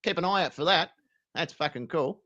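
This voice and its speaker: A man with an Australian accent, streaming and ranting crudely, swinging between loud outbursts and low mumbles. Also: fairly quick, highs cut off. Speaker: streamer reacting to videos. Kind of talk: crude comedic rant.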